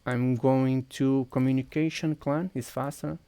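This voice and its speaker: A man's voice: medium pitch, steady tone, measured pace, warm tone, clear, resonant tone, no echo. A man with a Portuguese accent streaming a game, walking viewers through each step while he clicks and thinks aloud. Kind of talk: casual live-stream chat.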